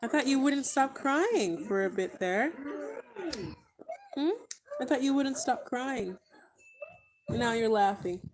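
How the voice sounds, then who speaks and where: A tired mother chatting casually on her vlog while soothing her baby, talking to him in a gentle sing-song way. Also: a little high, expressive, takes it slowly, long pauses. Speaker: mother vlogger.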